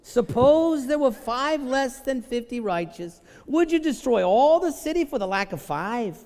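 A preacher putting on a humble old man who haggles with God, his voice pitched well above his own and drawn out slowly in a put-on comic accent. He pleads and bargains, each line hanging in the long echo of a church hall. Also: very animated, a little mellow, exaggerated voice. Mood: pleading.

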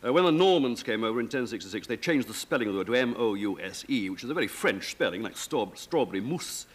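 Man, middle-aged, professorial guest, wide-ranging pitch. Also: animated, fast. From England. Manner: professorial, demonstrates old pronunciations. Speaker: talk show guest. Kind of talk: lively explanatory chat.

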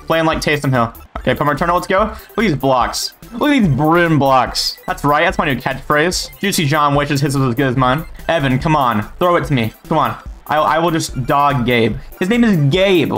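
Young male gamer, cocky play-by-play, a bit high-pitched, faint music under him. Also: fairly bright tone. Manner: boastful, joking trash talk. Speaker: gaming YouTuber. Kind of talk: live gameplay commentary.

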